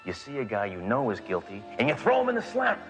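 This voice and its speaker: A man's voice: mid-range voice, huge pitch swings, quick pace, music in the background, poor audio. An actor playing a brash, trigger-happy male police detective in a sitcom, cocky and blunt. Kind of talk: 1980s sitcom acting.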